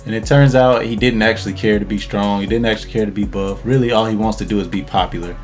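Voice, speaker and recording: A man with a fairly low voice talks through an anime episode in a relaxed, slangy way as the show's host. Faint music hums behind him. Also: quick pace. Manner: laid-back, slangy storytelling with laughs. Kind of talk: casual recap chat.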